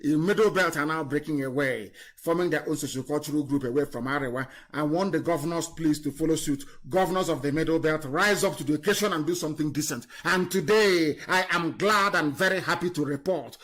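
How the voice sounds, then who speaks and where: A man giving an impassioned political speech on a live broadcast, scornful and fiery, swinging from loud declarations to low muttering. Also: brisk, few pauses. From Nigeria. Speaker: activist leader on a live broadcast.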